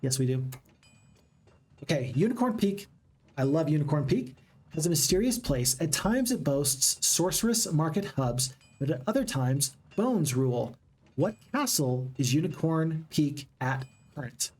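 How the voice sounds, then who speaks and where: Chatty husky-voiced let's-play host. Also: mid-range voice, animated, measured pace, darkish tone. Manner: chatty, upbeat, addresses viewers as folks. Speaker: gaming channel host. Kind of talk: casual let's-play commentary.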